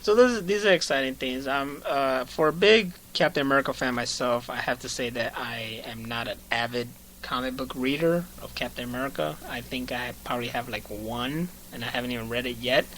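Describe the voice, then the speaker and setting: A man's voice: mid-range voice, fairly quick, fairly bright tone, a little hiss or hum. A man hosting a casual podcast who jokes, swears freely and laughs often. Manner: joking, profane, laughs often. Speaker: podcast host.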